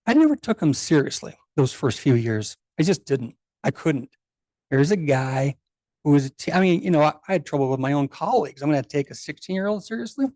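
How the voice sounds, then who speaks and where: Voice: medium pitch, animated, a little fast, a little mellow, dry recording. A photographer in their sixties giving a memorial tribute, telling rambling anecdotes and quoting others' dialogue. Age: 60s. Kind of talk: memorial speech, anecdotal storytelling. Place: meeting house.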